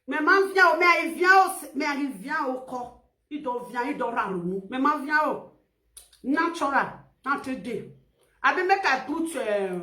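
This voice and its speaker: A Nigerian woman with an Edo accent ranting loudly in a casual vlog, laughing often and mixing Pidgin with a local language. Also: high voice, roomy sound. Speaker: social media vlogger. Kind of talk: animated casual rant.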